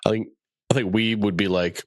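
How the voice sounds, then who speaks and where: Young man, podcast co-host, low voice, laid-back, rambling, dry close sound. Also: steady tone, a little fast, no room sound. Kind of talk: casual chat.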